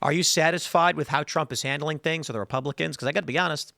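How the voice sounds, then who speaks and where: A man's voice: on the high side, fast talker, vocal fry, pushed and bright, no room sound, clean studio sound. A man from Chicago hosting a solo political commentary and arguing his opinions, often restarting his sentences. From Chicago, United States. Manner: opinionated and argumentative, with frequent restarts.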